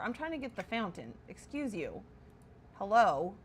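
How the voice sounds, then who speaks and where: A woman's voice: mid-range voice, very animated, normal speed, breathy edge. Chatty woman streamer touring a game house. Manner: chatty, self-correcting, wonder-struck. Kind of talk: casual live-stream commentary.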